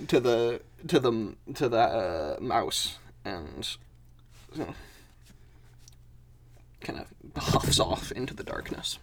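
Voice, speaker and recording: A man casually narrates his character's moves in a tabletop game, halting often with fillers and restarts. His voice is gravelly, with a lively, rising and falling pitch. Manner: hesitant, many fillers and restarts. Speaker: player.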